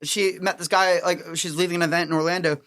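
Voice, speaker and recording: A man from Florida, a magician guest on a podcast, telling animated stories with frequent laughs. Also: high voice, fast. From Florida, USA. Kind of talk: casual podcast chat.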